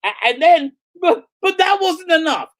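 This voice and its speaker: A man's voice: very high voice, expressive, unhurried, a bit bright. Rambling, laughing middle-aged man. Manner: rambling, laughs often, many fillers and restarts. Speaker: rabbi and show host. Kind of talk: casual storytelling livestream.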